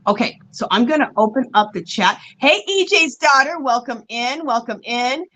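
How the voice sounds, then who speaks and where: A woman's voice: on the high side, moderate pace, poor audio. A woman hosting a casual craft livestream, reading viewer comments aloud and greeting people by name in a chatty, gushing way while she works on her yarn. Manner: chatty, animated, with gushing exclamations. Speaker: livestream host.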